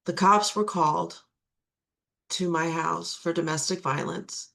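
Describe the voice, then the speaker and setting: A woman's voice: on the low side, steady tone, a little slow, vocal fry, fairly bright tone. A middle-aged woman sharing her recovery testimony, earnest and repeating key phrases for emphasis.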